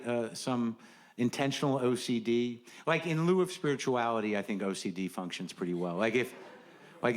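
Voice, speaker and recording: Neurotic rambling stand-up comic. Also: male voice, fairly low pitch. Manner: rambling, neurotic, self-deprecating, full of "you know" asides. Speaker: stand-up comedian. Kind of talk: stand-up comedy set. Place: comedy stage before a live audience.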